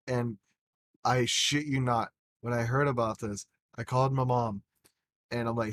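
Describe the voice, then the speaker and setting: A man's voice: mid-range voice, fairly even intonation, measured pace. A man co-hosting a casual podcast, telling rambling stories and swearing freely. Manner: profane, rambling storyteller. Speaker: podcast co-host.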